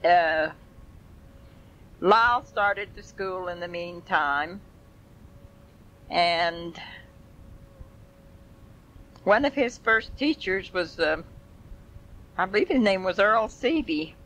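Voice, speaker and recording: A woman's voice: on the low side, animated, slow, pauses often, a bit bright, slight background noise, poor audio. Older woman reminiscing. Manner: folksy, chuckling, rambling. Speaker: family storyteller. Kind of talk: oral history reminiscence.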